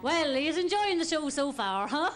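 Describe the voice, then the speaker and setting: A woman's voice: high voice, very animated, normal speed, over loud music. A woman doing an impression of a female Irish pop singer as host of a comedy show, with an Irish accent, giggly and chatty. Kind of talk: stand-up comedy hosting in character. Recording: very noisy live stage recording.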